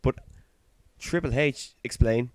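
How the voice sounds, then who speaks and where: A man's voice: medium pitch, slow pace, a little mellow, dry recording. A British man co-hosting a podcast in casual chat, playful and teasing. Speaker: podcast co-host.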